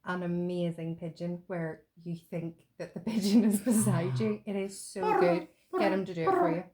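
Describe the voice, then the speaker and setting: A woman's voice: on the low side, steady tone, moderate pace, crowd noise. A woman with a son, co-hosting a podcast, playful and teasing in casual chat. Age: adult, a parent. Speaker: podcast co-host.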